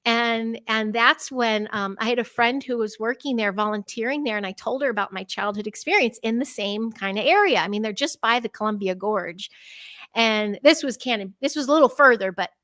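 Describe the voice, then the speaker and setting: A middle-aged woman from the Chicago area, a podcast guest telling personal stories, animated and laughing often. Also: a little fast, no room sound. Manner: animated, laughs often, acts out her own past words in a bright high voice. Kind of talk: personal storytelling in a conversational interview.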